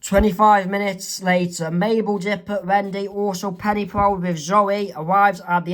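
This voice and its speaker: A man's voice: high-pitched, level tone, fairly bright tone. A man reading aloud and explaining his own comic strip, panel by panel. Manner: slow, halting, with restarts. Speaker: comic artist narrating his comic. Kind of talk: casual comic read-aloud.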